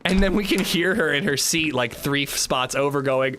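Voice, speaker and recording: A man hosting a casual livestream, telling animated, profane stories while playing and chatting with viewers. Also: a little high, normal speed, few pauses. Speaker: livestream host.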